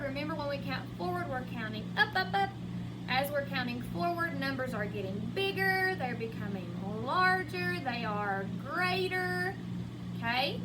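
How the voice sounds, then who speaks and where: A woman kindergarten teacher giving a recorded lesson to young children in slow, patient, sing-song teacher talk. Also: sits high, heavy background noise. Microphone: iPad camera.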